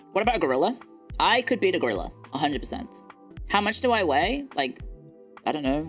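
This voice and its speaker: Young woman, streamer, boastful, playful, swears, lively pitch, soft music underneath. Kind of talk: casual stream chat reading viewer comments.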